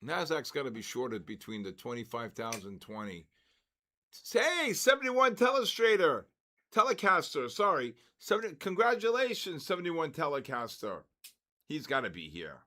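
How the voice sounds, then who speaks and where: An older man hosting a trading livestream, cheerfully calling out raffle winners in a drawn-out announcer way. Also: on the high side, sing-song, sharp tone. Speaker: trading stream host.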